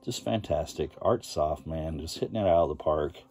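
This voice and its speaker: A man hosting a casual vlog, showing his comic collection in a relaxed and enthusiastic way. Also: rumbling low, moderate pace. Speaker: comic collector channel host. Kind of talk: casual show-and-tell vlog.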